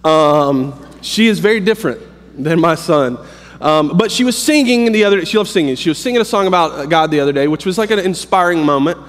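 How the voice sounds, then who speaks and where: On stage in a campus worship hall, a pastor in his thirties delivers humorous preaching, joking and telling family stories in a somewhat high voice. He halts often with ums and restarts, and each phrase fades into a long hall reverb.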